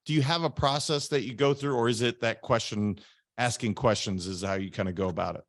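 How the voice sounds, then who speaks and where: A man's voice: medium pitch, brisk, fairly bright tone, dry recording, clean studio sound. A man hosting a podcast interview, talking earnestly and repeating words as he thinks aloud. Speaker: podcast host. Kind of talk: conversational interview.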